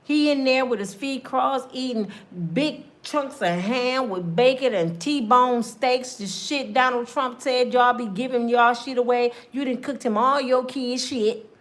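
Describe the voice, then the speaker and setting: A woman delivering a comedic monologue, acting out little scenes and swinging between loud bursts and hushed asides. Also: fairly high pitch, measured pace. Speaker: comedic talk show host.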